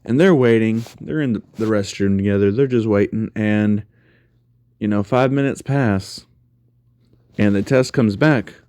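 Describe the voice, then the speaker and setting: A man's voice: on the low side, a little mellow, clean tone, dry recording, clean studio sound. A man casually telling a fan story aloud, with many fillers and restarts.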